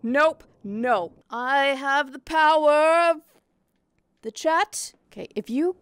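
A young woman streaming a VR horror game, jumpy and quick to yelp and swear at each scare. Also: high voice, a bit bright, no room sound, studio quality. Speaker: VTuber streamer. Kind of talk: horror game livestream commentary. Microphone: headset in VR.

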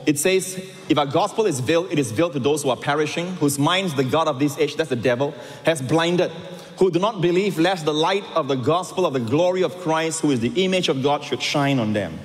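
A man preaching a sermon as pastor, animated with rising emphatic lines. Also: on the high side, brisk. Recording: long hall reverb.

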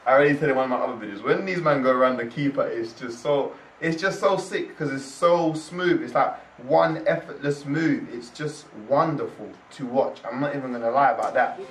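A young man hosting a casual reaction video, excitable and exclaiming in slang, recorded in a roomy space away from the mic. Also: medium pitch, a little fast, hardly any pauses, a little hiss or hum. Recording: roomy echo, distant from mic.

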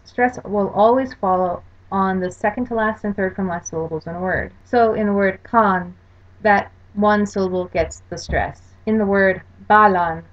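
A woman teaching a language lesson over a slide show, explaining rules carefully and spelling out examples. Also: mid-range voice. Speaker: language course lecturer. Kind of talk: recorded lecture over slides. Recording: dull lo-fi recording.

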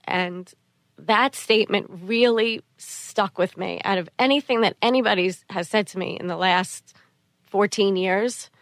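Earnest soft-spoken middle-aged woman. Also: medium pitch, unhurried, dry recording. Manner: soft, earnest, repeats phrases. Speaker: guest, mother of a sick child. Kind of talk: interview conversation.

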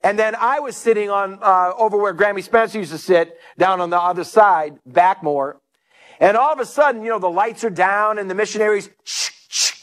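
A man's voice: sits high, a little fast. A male pastor preaching a sermon, telling stories and acting out the people in them. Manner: storytelling preacher, animated, acts out quotes.

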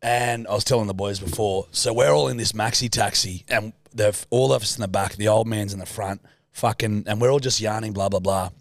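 A man's voice: lowish voice, fairly even intonation, fairly quick, no room sound, studio quality. A young Australian man co-hosting a podcast, telling a rambling anecdote in casual chat and swearing a lot. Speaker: podcast co-host.

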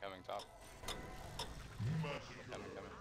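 A man on voice chat making quick, low-key callouts to his teammates during a game. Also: completely flat delivery, gravelly.

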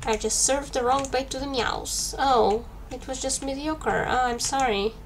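Woman, gaming commentary, gravelly fry, slight hiss behind. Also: sits high, a little slow. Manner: chatty, talks to herself while playing. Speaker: gaming streamer. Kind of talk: casual let's-play commentary. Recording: faint background noise.

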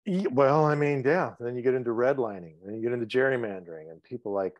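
A man hosts a podcast in loose, playful conversation, slipping into jokes and swearing as he tells stories. His voice sits at a middling pitch and sounds close and dry, with no room echo behind it. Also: fast, highs cut off. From Cambridge, Massachusetts. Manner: joking, swearing, playful storytelling. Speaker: podcast host. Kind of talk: casual chat.

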